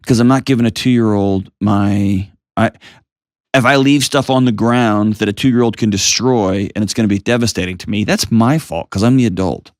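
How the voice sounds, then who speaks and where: A middle-aged American man hosting an advice call-in show, talking in a calm, earnest coaching way full of rhetorical questions. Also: fairly low pitch, moderate pace, no echo, clean studio sound. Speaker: host giving advice.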